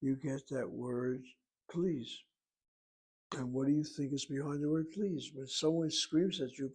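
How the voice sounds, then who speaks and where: A man teaching a language lesson, speaking slowly and deliberately and spelling words out letter by letter. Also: mid-range voice, steady tone, a little mellow, slightly rough, low-quality recording. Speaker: Hebrew teacher. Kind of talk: lecture.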